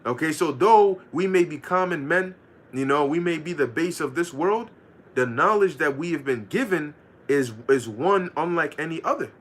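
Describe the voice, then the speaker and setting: A man teaching scripture in a loose, streetwise way, reading verses slowly and then riffing with swearing and laughter. His voice sits a bit high and swings widely in pitch. The delivery stays animated and conversational throughout. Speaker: Bible teacher. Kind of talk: casual scripture lesson.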